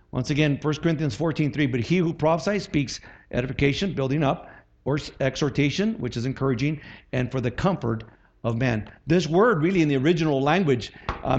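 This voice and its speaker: A middle-aged man preaches to his church in a loose, conversational manner, checking in with the crowd and acting out little scenes. His voice sits a little high, and the recording is dull and lo-fi. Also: darkish tone. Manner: conversational, acts out quotes, frequent "right?". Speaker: pastor. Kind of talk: sermon.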